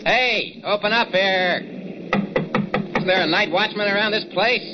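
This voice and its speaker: An actor in a 1940s radio play voicing a pushy, wisecracking young newspaper reporter. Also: male voice, high-pitched, measured pace. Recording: lo-fi old radio broadcast with faint hiss.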